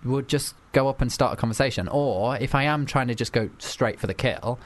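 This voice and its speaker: A man hosting a casual chat, playful and quick to laugh as he quizzes his guest. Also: mid-range voice. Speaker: host.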